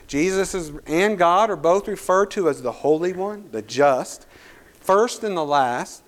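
A man's voice: fairly high pitch, unhurried. A male pastor preaching a sermon, reading scripture aloud and building to emphatic points.

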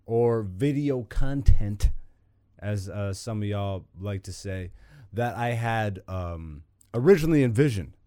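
A man's voice: on the low side, darkish tone, no room sound. Rambling, profane man, dry sound. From Canada. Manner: loose, profane, self-mocking, laughs often. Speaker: podcast host. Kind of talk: casual rambling chat while gaming. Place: home room with a gaming setup.

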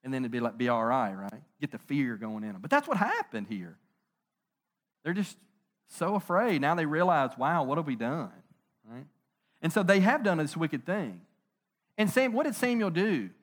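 A middle-aged man preaching a conversational sermon, animated, joking and asking rhetorical questions. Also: fairly high pitch, moderate pace. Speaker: pastor.

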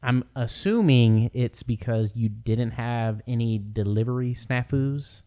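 A man's voice: mid-range voice, measured pace, mellow. A man in casual chat with friends, teasing and calling people bro.

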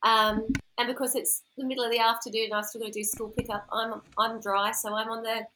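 A woman's voice: on the high side, little pitch movement, bright, forceful tone, a little hiss or hum, low-quality recording. Teasing woman co-host. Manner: teasing, quick banter. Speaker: podcast co-host. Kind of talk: casual podcast chat.

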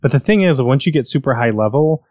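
American guy geeking out in a casual chat, keeps correcting himself, mid-pitched voice. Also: animated, fast talker, a little mellow, no room sound, clean studio sound. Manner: rambling, self-correcting, enthusiastic. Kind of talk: casual chat about video games.

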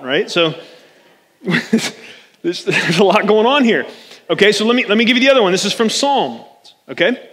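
A man's voice: high voice, lively intonation, fairly quick, fairly bright tone, in a large hall. A man preaching a casual, joking sermon as a pastor, often checking in with his listeners. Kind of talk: conversational sermon.

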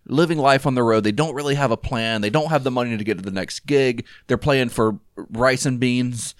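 A man's voice: medium pitch, fairly quick, no echo, studio quality. A man co-hosting a casual film talk, rambling with lots of fillers and restarts. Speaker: podcast co-host.

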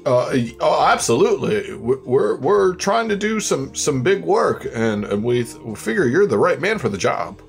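Man doing a hesitant stammering sidekick, nervous, lively pitch. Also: moderate pace, gravelly, hardly any pauses, faint music behind. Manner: hesitant, stammering, lots of restarts. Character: nervous male sidekick speaking for his friend.

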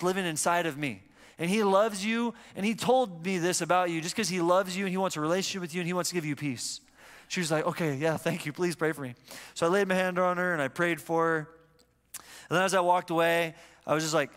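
A man's voice: high-pitched, fairly bright tone. A young adult man pastor preaching a sermon in a church, telling a story in a conversational way. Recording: church hall reverb.

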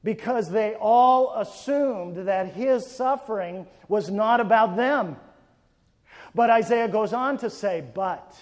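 A male pastor preaching a sermon, swinging between forceful emphatic peaks and quiet hushed passages. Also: high voice, slow pace. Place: church sanctuary. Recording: long church reverb.

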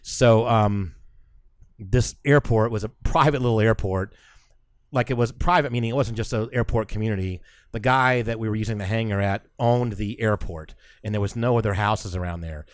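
Podcast co-host, male, lowish voice, excitable storyteller, dry close sound. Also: normal speed, no echo. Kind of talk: casual storytelling chat.

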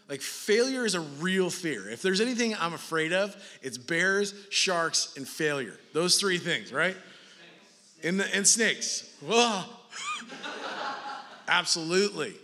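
With a high, bright, forceful voice, a man preaches in a relaxed, joking style, conversational and full of "right?" and "like" as he checks in. The sermon echoes with long hall reverb.

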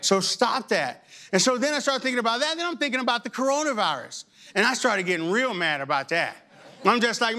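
Man, pastor, sermon, very high voice, bright tone, animated and humorous. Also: fairly quick.

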